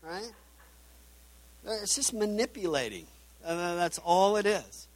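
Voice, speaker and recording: A man's voice: sits high, lively intonation, takes it slowly. A man preaching a sermon in a conversational way, often repeating words and asking "right?" as he goes. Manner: conversational preaching with frequent "right?" tags and stammered restarts. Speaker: pastor.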